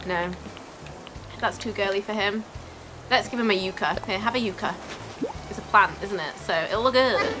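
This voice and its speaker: A woman hosting a let's play, chatting and giggling as she plays. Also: medium pitch. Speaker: gaming channel host. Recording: game music behind.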